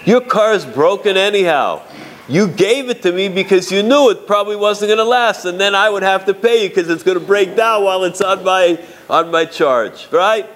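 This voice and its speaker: A man's voice: sits high, moderate pace, a bit bright, pitched above the performer's own voice. A man doing an indignant aggrieved father-in-law.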